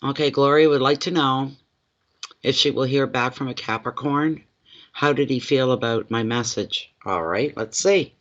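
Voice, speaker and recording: A man giving live tarot readings in a plainly pitched voice, talking straight to his viewers and circling back over his own phrases. The sound is dull and lo-fi. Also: moderate pace, a bit bright. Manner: repeats phrases, speaks directly to viewers by name. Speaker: tarot reader.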